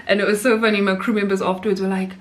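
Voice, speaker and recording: A woman's voice: mid-range voice, little pitch movement, very fast. A woman, a flight attendant chatting casually and at length to the camera in a rambling vlog. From South Africa. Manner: chatty, rambling, laughs easily.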